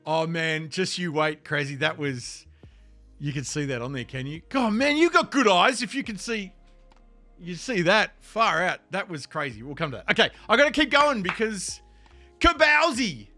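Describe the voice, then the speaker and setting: Aussie streamer guy rambling and laughing, bright voice, soft music behind. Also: on the high side, moderate pace. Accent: Australian. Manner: chatty, laughing, rambling, animated. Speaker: livestreamer. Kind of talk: casual chat. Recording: faint music underneath.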